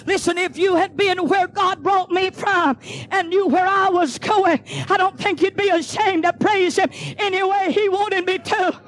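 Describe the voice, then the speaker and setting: A middle-aged woman, preaching a fiery sermon in church, shouting, chanting and throwing questions at the congregation. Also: extremely high pitch, fairly even intonation, a little slow. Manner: shouting, chanting, call-and-response asides. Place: church sanctuary.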